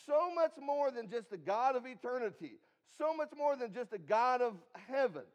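A man's voice: extremely high pitch, lively intonation, normal speed. A man preaching a sermon, reading scripture aloud and guiding listeners through their Bibles with emphatic, rising and falling delivery. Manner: reads scripture aloud and asks the congregation to follow in their Bibles.

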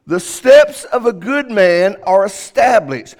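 High-voiced man preaching in a reverberant hall. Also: animated, slow, few pauses, darkish tone. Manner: emphatic, rising and falling sharply for emphasis. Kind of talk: sermon. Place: church auditorium. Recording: long reverb of a church hall.

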